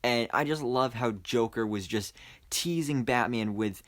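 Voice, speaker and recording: A man's voice: medium pitch, measured pace, fairly bright tone. A young man giving a casual, enthusiastic movie review, rambling with lots of fillers and restarts. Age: young adult. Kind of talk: casual spoiler review monologue.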